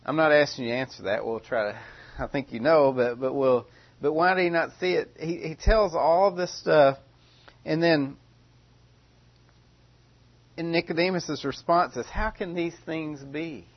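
A man's voice: fairly high pitch, moderate pace, long pauses, muffled recording. A man preaching a sermon in a conversational, questioning way, often restarting his phrases.

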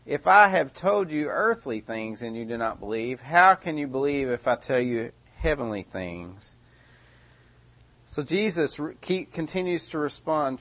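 A man's voice: on the high side, lively intonation, normal speed, dull audio. A man preaching a sermon in a conversational, questioning way, often restarting his phrases.

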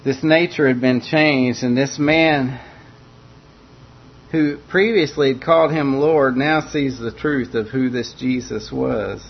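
A man's voice: slow pace, vocal fry, slightly rough. A man preaching a sermon, earnest and repeating phrases for emphasis. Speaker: pastor. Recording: muffled lo-fi recording with faint rumble.

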